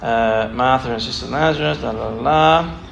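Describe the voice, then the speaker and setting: A man's voice: medium pitch, normal speed, creaky, fairly bright tone, muffled recording. A man giving a casual talk on scripture, reading passages aloud and explaining them in a digressive, thinking-aloud way. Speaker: Bible study speaker. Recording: echoey room with faint background noise.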